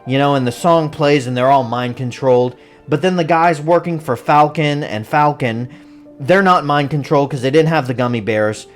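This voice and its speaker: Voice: medium pitch, normal speed, soft background music. A movie reviewer giving a casual, rambling recap full of jokes and frequent laughter. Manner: rambling and joking, laughs often. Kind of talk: casual spoiler-filled recap.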